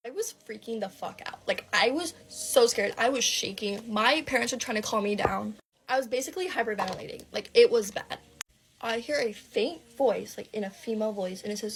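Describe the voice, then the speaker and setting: A woman's voice: on the high side, normal speed, a little hiss or hum. A young woman telling a dramatic personal story in a breathless, gossipy way, swearing freely.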